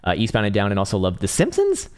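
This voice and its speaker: Hosting a crypto trading stream, this young man reads chat and reacts with rambling profanity, frequent laughter, and groping for words amid casual chart talk. His lowish voice swoops wildly in pitch, moves quickly, and sounds darkish, clear, and resonant.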